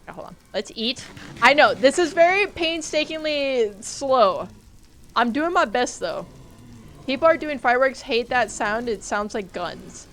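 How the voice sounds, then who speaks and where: A woman's voice: high-pitched, very animated, unhurried, a bit bright, slight background noise. A woman streaming a game live, talking to her chat, jumpy and swearing as she plays. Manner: jumpy, swears, talks to chat while playing.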